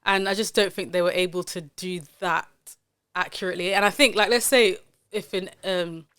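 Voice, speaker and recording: A woman hosting a podcast, her voice smooth and clean, pitched a little low for a woman. She talks in an emphatic, opinionated way, with a lot of "like" and "um" along the way. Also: steady tone, moderate pace, a bit bright. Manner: opinionated, emphatic, lots of fillers. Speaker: podcast host. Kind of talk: casual chat.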